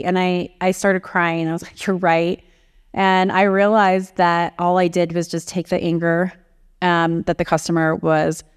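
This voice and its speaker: Candid woman CEO with a smooth voice. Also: on the low side. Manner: candid, reflective, self-critical. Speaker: CEO and author. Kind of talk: interview answers, storytelling.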